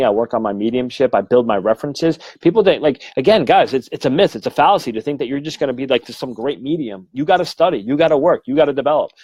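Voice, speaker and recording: A man speaks on a live stream in a middle-pitched voice, dry and close to the mic. He rambles earnestly, restarting sentences and dropping the odd swear word. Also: a little mellow, no echo, rough recording. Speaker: medium giving a live talk. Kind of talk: casual livestream talk. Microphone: phone or webcam livestream.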